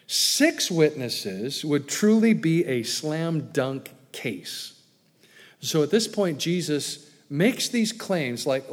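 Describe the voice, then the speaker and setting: A man's voice: medium pitch, big-room sound. A man preaching an expository sermon in an earnest, emphatic way, often repeating words and adding asides.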